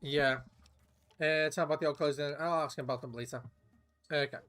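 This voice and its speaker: A man streaming a video game, talking to himself and his viewers in a loose, meandering way. He swears freely and restarts his sentences. His voice sits a little higher than most men's. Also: fairly even intonation, brisk, a bit bright. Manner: rambling and profane, with restarts and laughs. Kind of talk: casual gameplay commentary.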